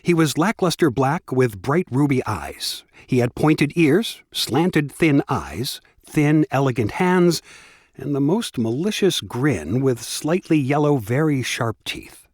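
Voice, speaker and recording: Male audiobook narrator, husky tone, lively pitch, close dry studio sound. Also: takes it slowly, no room sound. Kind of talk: scripted narration.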